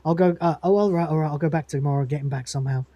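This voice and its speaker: A man's voice: a little high, very fast, mellow, dry recording, natural voice. Man doing a laid-back slob spaceman. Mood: offhand.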